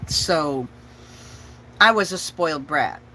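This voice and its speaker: A woman's voice: deep voice, expressive, takes it slowly, pushed and bright, a little hiss or hum, rough recording. A woman telling a personal story with profanity and laughter, acting out her family's voices. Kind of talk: personal story told to an audience.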